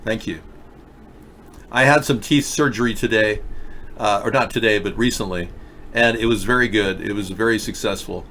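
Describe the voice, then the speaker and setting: A man's voice: lowish voice, steady tone, brisk, fairly bright tone, a little hiss or hum. A man hosting a live political video chat show, talking emphatically and directly to viewers while wearing a mouth guard. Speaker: political talk show host.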